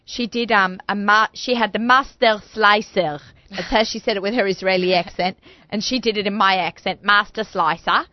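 A woman's voice: mid-range voice, steady tone, fairly quick, no echo, lo-fi sound. A woman hosting a radio talk show in a studio, chatty and bubbly, talking with lots of fillers.

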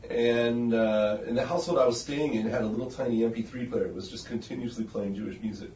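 A man's voice: medium pitch, fairly even intonation, fast, darkish tone. A man in a casual chat, telling stories and making dry quips. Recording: roomy muffled recording with faint hiss.

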